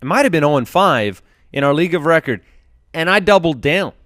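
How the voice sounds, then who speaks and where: A man hosting a sports podcast in casual chat, reading sponsor spots in quick upbeat bursts. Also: a little high, expressive, fairly bright tone, dry recording, studio quality. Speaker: podcast host.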